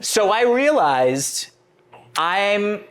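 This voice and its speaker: A man's voice: high-pitched, sing-song, very slow, fairly bright tone. A man co-hosting a podcast in casual chat, telling stories animatedly and acting out quotes, swearing freely. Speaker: podcast co-host.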